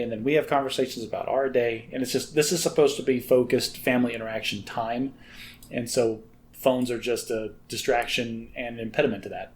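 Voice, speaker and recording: A man's voice: mid-range voice, fairly quick. A man co-hosting a podcast in casual chat, teasing and joking with his friend. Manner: teasing, jokey, animated. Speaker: podcast co-host.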